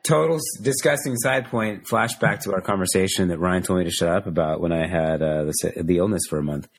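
A man's voice: deep voice, fast, vocal fry. A man in a casual chat who rambles and hesitates while telling his thoughts.

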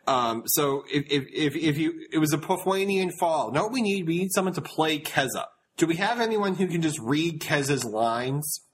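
Animated joking man hosting a podcast. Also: a little high, normal speed, few pauses, a little hiss or hum. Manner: animated, joking, laughs often. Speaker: podcast host. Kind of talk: casual group podcast chat.

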